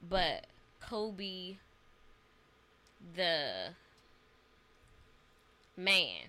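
A woman with a bright, forceful voice tells a personal story in a relaxed podcast chat. She talks earnestly and acts out back-and-forth dialogue as she goes. Her pitch sits a little low. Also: drawn-out words. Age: adult parent.

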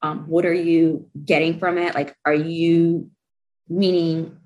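A woman's voice: deep voice, flat delivery, slow, darkish tone, rough recording. A young adult woman, a guest in an interview, telling a personal story candidly and with feeling. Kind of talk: interview conversation.

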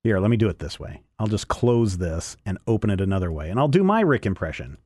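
A man's voice: fairly low pitch, very animated, fast talker, dark tone, no room sound. Rambling man reviewing comics. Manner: rambling, with restarts and self-corrections. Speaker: podcast co-host reviewing comics. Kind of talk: casual review chat.

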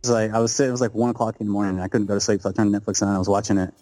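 A man's voice: on the low side, flat delivery, very fast, mellow. A man co-hosting a podcast in casual chat, easygoing and saying "dude" and "man" a lot. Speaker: podcast co-host.

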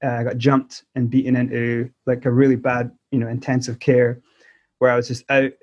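A man with a Scottish accent still tinged by South Africa, speaking at a medium pitch for a man. He rambles through his story with restarts and fillers. The audio sounds a bit dull and lo-fi. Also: monotone, normal speed. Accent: Scottish with South African traces. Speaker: podcast guest, musician. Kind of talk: casual interview storytelling.

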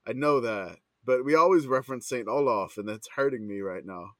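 A man's voice: medium pitch, brisk, fairly bright tone, no echo. A man co-hosting a casual podcast, laughing often and trailing off in hesitant restarts. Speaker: podcast co-host. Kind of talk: casual chat.

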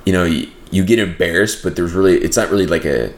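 A man's voice: low-pitched, quick pace. A young man co-hosting a podcast, joking and reacting in casual chat with plenty of swearing. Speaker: podcast co-host. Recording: echoey room with faint background noise.

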